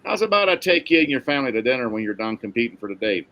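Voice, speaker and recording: A man reading a story, voicing a soft-spoken, quietly dangerous Irish man with a genial, coaxing manner. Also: medium pitch, sing-song, rapid-fire, highs cut off. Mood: smooth.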